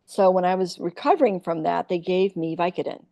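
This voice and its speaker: This woman, a comic actress from Iowa, gives a podcast interview full of candid, animated stories where she acts out the people involved. She talks fairly quickly in a fairly low, gravelly voice, with no echo.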